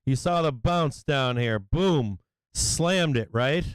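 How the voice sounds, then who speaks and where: A man hosting a live stock-market stream, swearing freely and explaining chart levels, with bursts of excited yelling. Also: medium pitch, slow pace, clear, resonant tone, no echo, low-quality recording. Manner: profane, excitable, yelling at times. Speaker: stock market livestream host. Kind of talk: live trading commentary.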